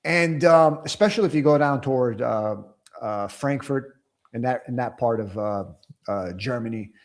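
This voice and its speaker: Rambling, excitable male host. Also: mid-range voice, normal speed. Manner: rambling, full of restarts and fillers, excitable. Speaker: podcast host. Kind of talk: casual interview chat. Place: Germany.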